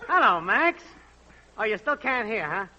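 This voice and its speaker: A man playing a brash, wisecracking network technician in a 1940s radio comedy, with loud wise-guy patter. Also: high-pitched, sing-song, moderate pace. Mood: bossy. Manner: loud brassy wise-guy patter, repeats a singsong test call. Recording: dull old radio broadcast with faint hiss.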